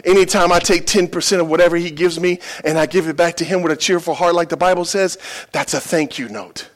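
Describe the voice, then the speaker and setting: A middle-aged pastor preaching a sermon in a church. His voice sits a little high for a man. He calls out to the congregation and pushes his lines up into loud, stressed peaks. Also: quick pace. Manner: call-and-response preaching, builds to loud emphatic peaks.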